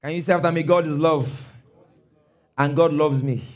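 A man preaching a sermon, emphatic, stopping often to ask his listeners if they follow and sometimes rising to a shout. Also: on the high side, fairly even intonation, moderate pace. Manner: emphatic, calls for congregation responses; rises to shouts on key phrases.

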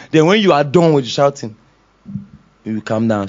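Animated man preaching a sermon. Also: mid-range voice, moderate pace. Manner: animated preaching, acts out voices, laughs often. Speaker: pastor. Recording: dull lo-fi sound.

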